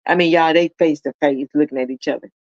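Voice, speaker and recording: A woman's voice: sits low, fairly even intonation, fast talker, darkish tone, dry recording, muffled recording. A woman commentator telling a story in a casual way, speaking straight to her viewers. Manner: talks straight to viewers, calling them y'all. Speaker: commentator reacting to a video.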